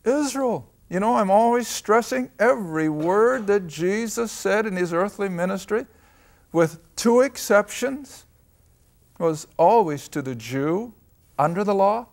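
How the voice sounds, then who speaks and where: A man's voice: high-pitched, expressive, unhurried. An older man teaching a folksy Bible lesson, emphatic, asking questions and answering them himself. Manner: emphatic, asks and answers his own questions.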